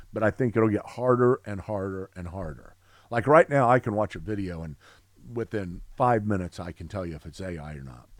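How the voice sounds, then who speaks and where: A middle-aged man teaching a theology class, talking with excitement in long run-on sentences full of restarts. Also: medium pitch, dry recording, studio quality. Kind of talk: classroom lecture.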